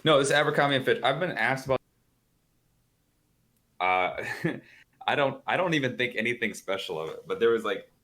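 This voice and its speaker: A man's voice: mid-range voice, expressive, a little fast, long pauses, fairly bright tone. A man guesting on a podcast over a video call, telling stories in a rambling way, full of "like" and casual swearing. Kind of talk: casual storytelling chat. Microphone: calling in over a video call.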